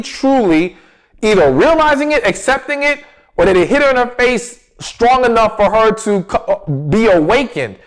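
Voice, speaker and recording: Emphatic high-voiced male relationship coach. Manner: emphatic, repeats key words, asks and answers his own questions. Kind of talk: direct-to-camera advice talk.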